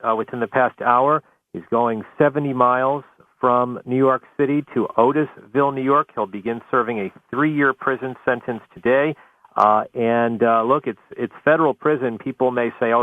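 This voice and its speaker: A male White House correspondent reporting live by phone to a talk radio host, measured and thorough, with many uhs. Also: medium pitch, dry recording. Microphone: telephone. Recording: phone line.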